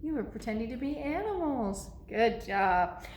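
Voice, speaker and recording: Library lady doing story time, slow and high, echoey room. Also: sing-song, a little mellow. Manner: slow, sing-song, encouraging questions to kids. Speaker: children's librarian. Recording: echoey room with faint noise.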